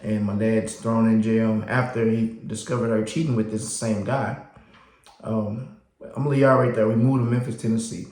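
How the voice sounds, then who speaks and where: A man speaks at normal speed, casually narrating his own life to the camera in an echoey space. His storytelling is animated, with his voice springing upward each time he acts out who he was when younger.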